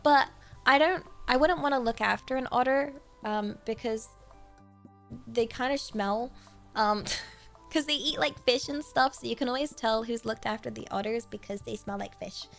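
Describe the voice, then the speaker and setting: A woman's voice: fairly high pitch, moderate pace, vocal fry, fairly bright tone, soft background music. A woman chatting casually on her livestream, rambling with many fillers and giggling often. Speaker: streamer.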